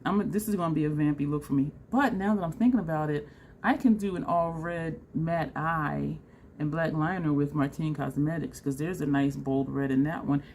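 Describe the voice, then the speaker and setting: A woman vlogging a makeup tutorial in a chatty, excitable way, talking straight to her viewers. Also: low voice, moderate pace, a little hiss or hum. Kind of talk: casual makeup tutorial chat.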